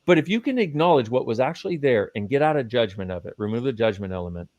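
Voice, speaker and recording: A man's voice: mid-range voice, sing-song, fast talker, darkish tone, no echo, dull audio. A man speaking as a guest in a live conversation, teaching with emphasis and casual swearing.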